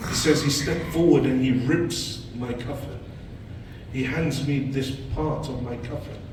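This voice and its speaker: Impassioned preacher in an echoey hall. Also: male voice, measured pace. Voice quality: dramatic, impassioned. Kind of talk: emotional sermon storytelling. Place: mosque hall. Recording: echoey hall from far off, low rumble.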